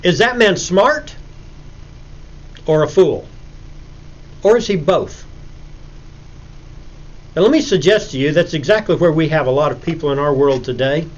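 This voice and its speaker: A man giving a recorded Bible lecture in a preacherly way, acting out little stories with sudden loud emphasis. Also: fairly high pitch, animated, unhurried, long pauses, lo-fi sound.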